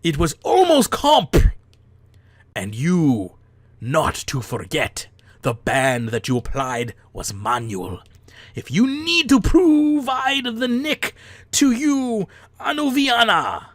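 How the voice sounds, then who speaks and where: A high-pitched, slow-spoken foreign man pleads in stiff, clumsy broken phrasing, as a podcast man puts him on. The put-on accent is heavy and comically overdone. The sound is close and dry. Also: fairly even intonation, no room sound. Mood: mock-pleading.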